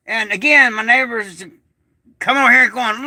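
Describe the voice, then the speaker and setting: A man telling a rambling, excitable story on a casual livestream, swearing and restarting often. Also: very high voice, moderate pace, no echo. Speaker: prepper vlogger. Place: small shed turned bunker.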